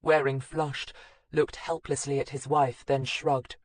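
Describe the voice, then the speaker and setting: A woman narrating a crime audiobook in a measured, even reading. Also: rumbling low, no room sound. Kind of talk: scripted narration.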